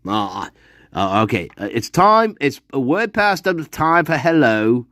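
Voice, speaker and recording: Profane, slow, animated man on a livestream. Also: mid-range voice, no echo, clean studio sound. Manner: profane, emphatic pep talk to chat viewers. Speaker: livestream host. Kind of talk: casual livestream chat.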